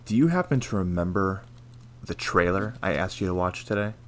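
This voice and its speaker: A man hosting a casual podcast, talking in a steady, rambling way with lots of fillers. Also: deep voice, brisk. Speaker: podcast host.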